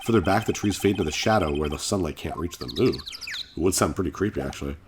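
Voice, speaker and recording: A man in his thirties plays a game on his channel, talking quickly in a low voice against a noisy background. He chats casually, reads out the game's dialogue, and rambles with lots of self-corrections.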